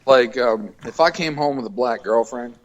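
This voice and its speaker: A man with a Southern US accent, telling animated, profane stories in casual podcast chat. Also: medium pitch, normal speed, dull audio. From American South. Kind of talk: casual crude banter.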